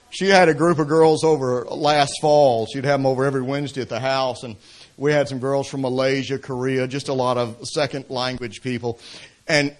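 A man's voice: medium pitch, a bit bright. A man with a Southern American accent from Atlanta, preaching a sermon as pastor, mixing emphatic exhortation with storytelling asides. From Atlanta, Georgia, US. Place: church service.

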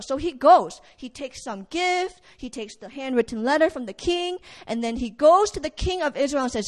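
A woman preaching a sermon, telling a story in a lively way and acting out what the characters say. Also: fairly high pitch, moderate pace, long reverb tail. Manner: animated storytelling, acts out characters' lines.

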